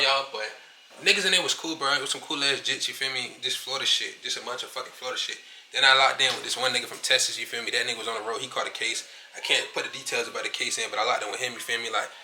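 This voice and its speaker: Rapid-fire young man telling a story. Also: mid-range voice, reverberant, slight background noise. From Virginia. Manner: rapid, profane, animated storytelling with heavy slang. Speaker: vlogger. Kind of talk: casual storytelling to camera.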